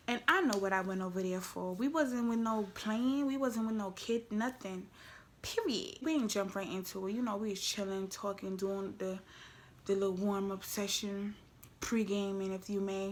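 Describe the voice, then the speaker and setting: A young woman vlogger telling a frank storytime to her viewers in casual slang, swinging from loud exclaims to hushed asides. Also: medium pitch, moderate pace.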